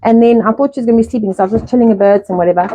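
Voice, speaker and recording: Fast-talking, swearing middle-aged woman host. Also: fairly high pitch, mellow, a little hiss or hum. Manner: fast, rambling talk with heavy swearing. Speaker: host of a live stream. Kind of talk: casual live-stream chat. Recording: dull lo-fi live-stream audio.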